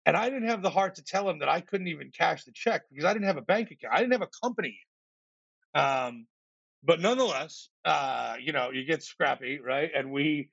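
A man guest on a podcast, telling an animated story in casual speech, acting out other people's lines and tripping over repeated words when excited. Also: fairly high pitch, fairly quick, gravelly, husky, no room sound. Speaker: podcast guest, startup founder. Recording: slightly muffled, dry.

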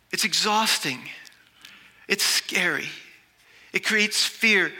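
A man preaching a sermon with dramatic delivery, shifting between loud and soft. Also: high-pitched, in a large hall. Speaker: pastor.

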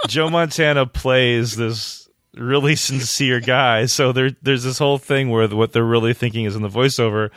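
A man's voice: mid-range voice, steady tone, normal speed, a bit bright, no echo, studio quality. A man co-hosting a podcast in easygoing casual chat, laughing often. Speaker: podcast co-host.

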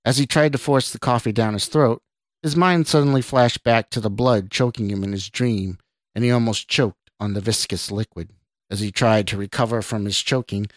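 A man, a podcast host, reading his own short story aloud in an even, measured way. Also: mid-range voice, no echo.

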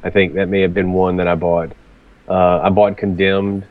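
A man's voice: deep voice, little pitch movement, moderate pace, phone-quality sound. A man chatting casually about games, often repeating words as he starts sentences. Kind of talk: casual chat.

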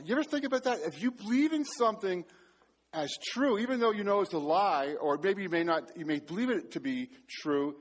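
A middle-aged man preaching a sermon, telling a story with self-mocking humor. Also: sits high. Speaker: pastor.

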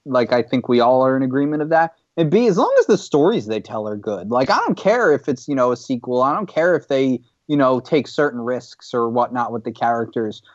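A man's voice: medium pitch, lively intonation, fairly quick, few pauses, dry recording, dull audio. A man in a casual group chat, explaining his points at length with hesitant fillers.

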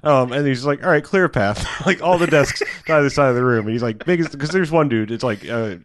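A man's voice: mid-range voice, quick pace, a little hiss or hum. A man retelling a movie plot in casual chat, rambling, swearing and laughing as he acts out the scenes. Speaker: podcast co-host.

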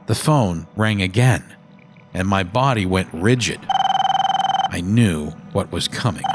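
A man narrating a first-person horror story in a measured, brooding manner. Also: sits low.

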